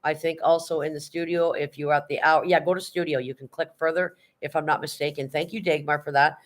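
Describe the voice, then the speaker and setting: A man's voice: fairly high pitch, fairly even intonation, a little fast, a bit bright. Upbeat man reading live chat aloud. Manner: reads chat messages aloud, upbeat encouraging. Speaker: livestream host. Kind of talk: casual live-chat shoutouts.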